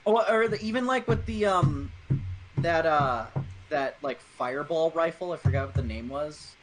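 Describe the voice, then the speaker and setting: A man's voice: on the high side, moderate pace, music in the background. Rambling young man streaming a game. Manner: rambling, many fillers. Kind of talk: casual gaming chat.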